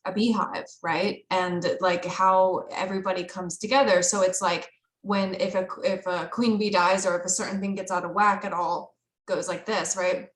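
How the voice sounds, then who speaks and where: A woman with a fairly low voice talks casually on a group call. She rambles, leaning on fillers and laughing easily. Her voice sounds echoey, as if recorded in a bare room. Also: steady tone, normal speed. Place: online group video call.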